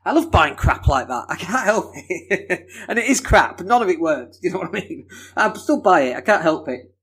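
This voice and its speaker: A man's voice: high voice, sing-song, moderate pace, a bit bright, husky. A man from Leeds, hosting a casual solo podcast in a chatty, enthusiastic, self-deprecating way. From Leeds, England. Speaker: podcast host.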